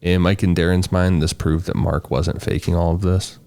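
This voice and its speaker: Deep gravelly man, laid-back storytelling. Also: little pitch movement, normal speed, darkish tone. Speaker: podcast co-host presenting the case. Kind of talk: casual podcast narration.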